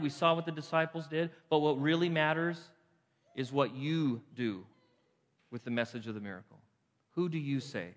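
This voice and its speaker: A man preaching a Sunday sermon as pastor, building to emphatic peaks and dropping to a soft, quiet prayer. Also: mid-range voice, in a large hall. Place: church sanctuary.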